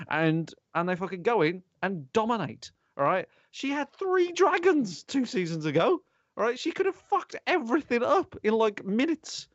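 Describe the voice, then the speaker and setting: A man, hosting a podcast in casual chat, animated, sweary and rambling. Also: high voice, normal speed, dry recording. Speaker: podcast host. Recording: dull lo-fi sound.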